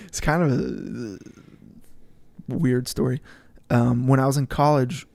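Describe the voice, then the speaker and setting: Earnest gravelly-voiced young man on a podcast. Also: medium pitch, slow, darkish tone, no room sound. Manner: earnest storyteller, repeats words as he thinks. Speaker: podcast co-host. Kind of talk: casual faith podcast chat.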